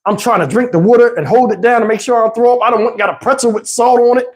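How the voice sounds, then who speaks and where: A man with a Texas accent telling a funny story in casual, animated vlog style, laughing and acting out the people in it. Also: very high-pitched, very fast. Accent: Southern US, Texas. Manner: animated, swearing, laughs often, acts out the other people in the story. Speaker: vlogger.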